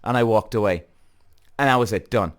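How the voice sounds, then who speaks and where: A man's voice: on the low side, brisk, smooth. A man with an Irish accent, a podcast host telling a heated story straight to his viewers, swearing freely. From Ireland. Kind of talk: animated storytelling rant.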